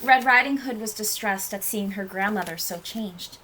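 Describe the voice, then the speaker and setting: A nursery school teacher, a woman, reading a storybook aloud to young children with expressive, sing-song storytelling. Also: medium pitch, normal speed, a little hiss or hum, low-quality recording.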